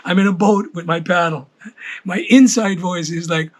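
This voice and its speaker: An older man performs stand-up in a fairly high voice. He rambles easily, restarting his phrases as he goes. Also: steady tone, moderate pace. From Hawaii. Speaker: comedian. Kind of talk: stand-up routine.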